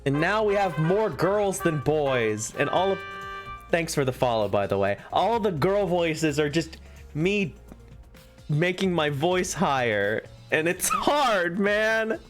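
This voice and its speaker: A man's voice: fairly high pitch, big pitch swings, takes it slowly, faint music behind. A man chatting casually on a live stream as he reads a visual novel, rambling to his viewers. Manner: rambling, chatty asides to viewers, frequent laughs.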